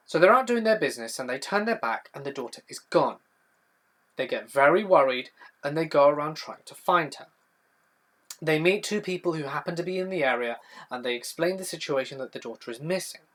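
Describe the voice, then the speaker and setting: A man's voice: a little high, expressive, fairly quick, a bit bright. A young man with a southern English accent, hosting a casual livestream, telling a spooky story and answering chat in a rambling, self-correcting way. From south-east England. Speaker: livestream host.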